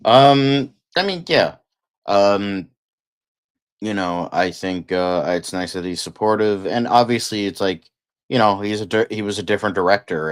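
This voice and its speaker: A man co-hosts a casual chat in a very low voice. He talks haltingly and leans on fillers. His sentences often trail away unfinished. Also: clear, resonant tone. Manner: hesitant, trailing off. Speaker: co-host.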